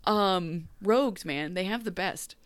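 A woman co-hosting a podcast, recapping an episode in casual chat, animated and laughing often as she acts out characters. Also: on the low side, unhurried, clear, resonant tone, no room sound. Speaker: podcast co-host.

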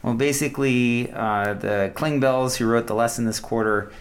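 A man co-hosting a casual Bible study talk, calm and reflective, often murmuring agreement. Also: mid-range voice, moderate pace. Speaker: co-host of a Bible study show.

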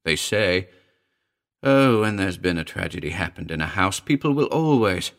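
A man's voice: low-pitched, lively intonation, moderate pace, a bit bright. A man voicing a nervous middle-aged housekeeper who speaks jerkily and reluctantly in a ghost story reading. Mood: fearful. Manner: jerky, uneasy, pleading.

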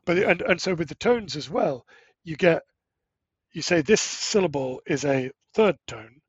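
A middle-aged man speaking as an interview guest. He explains animatedly, with quick asides and self-corrections. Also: on the high side, expressive, husky, dry recording, dull audio. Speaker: guest, language-learning startup co-founder. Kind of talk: casual explanatory interview talk.

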